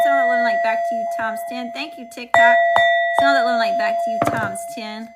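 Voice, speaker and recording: Talking at a quick pace in a medium-pitched voice, this woman hosts a live tarot reading. She has an unspecified regional accent and keeps up friendly chatter and upbeat shout-outs to her viewers.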